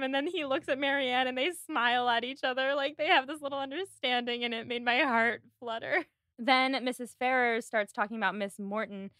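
A woman hosting a podcast, chatting casually and retelling scenes with quick quoted lines. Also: fairly high pitch, a bit bright, no echo, studio quality. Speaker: podcast host. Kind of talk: casual chat recapping a period drama.

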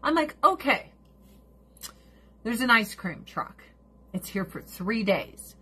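A woman's voice: fairly high pitch, very animated, slow pace, sharp tone, slightly rough. A middle-aged woman streamer chatting casually with her viewers, blunt and profane, ranting with animation.

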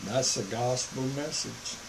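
An older man preaching informally to the camera, switching between mock calm and sarcastic emphasis. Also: mid-range voice, a little slow, gravelly, noisy background.

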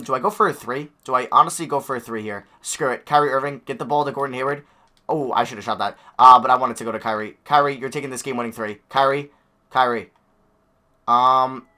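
A young man giving live commentary on a basketball video game, excitable, swinging from quiet muttering to loud yells. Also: medium pitch. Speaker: gaming YouTuber.

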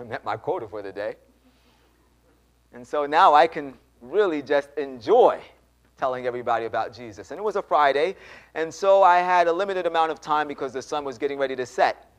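A man preaching a sermon in a church, telling a story with animated delivery and acting out the dialogue. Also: fairly high pitch. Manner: animated, acts out dialogue, addresses congregation.

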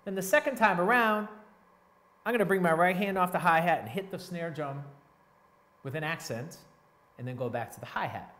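A man teaching a drum lesson in a relaxed, step-by-step way, counting beats aloud between grooves. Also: sits high, normal speed, long pauses, a little hiss or hum. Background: drum playing.

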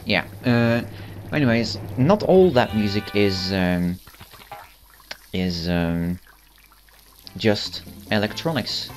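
A teenage boy giving rambling, self-amused gameplay commentary, full of fillers and restarts. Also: fairly low pitch. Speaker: channel host.

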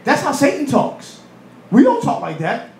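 A man preaching a sermon in a church, animated, acting out voices and laughing in asides. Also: extremely high pitch, normal speed, gravelly, reverberant, slight background noise, low-quality recording. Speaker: pastor. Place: church hall.

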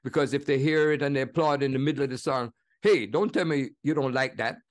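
A man in his seventies with a Jamaican accent, telling stories in an animated, laughing way as an interview guest. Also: mid-range voice, brisk. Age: 70s. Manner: animated, laughing, slips into impressions. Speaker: guest musician. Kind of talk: conversational storytelling interview.

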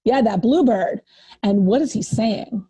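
A woman preschool teacher reading a picture book aloud to young children in an animated, sing-song way. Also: a little high, unhurried, slightly rough.

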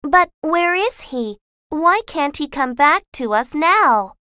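A man's voice: extremely high pitch, animated, measured pace, pushed and bright, no echo, clean studio sound, pitched above the performer's own voice, heavily acted. A man voicing an earnest young girl, the eldest sister, in an audiobook reading, with an emphatic, pleading manner.

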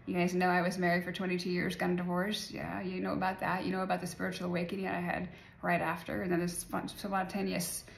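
Chatty woman with a gravelly voice. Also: lowish voice, monotone, fast talker, few pauses. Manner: chatty, rambling, laughs often. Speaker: spiritual vlogger. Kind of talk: casual spiritual talk to viewers. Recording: echoey room, faint ambience.

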